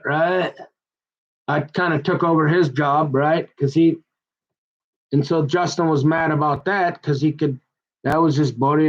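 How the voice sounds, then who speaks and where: A man telling a long personal grievance in a rambling, halting way, often restarting his sentences and growing heated as he goes. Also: a little high, dull audio. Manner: aggrieved, heated. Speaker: son recounting a family conflict.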